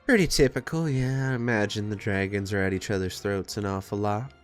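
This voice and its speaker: A man's voice: fairly low pitch, fairly even intonation, a little fast, faint music behind, lightly acted. A man voicing a shrewd, guarded male character with a put-on American Southern accent in a tabletop game. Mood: wry. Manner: drawling, calls people sugar.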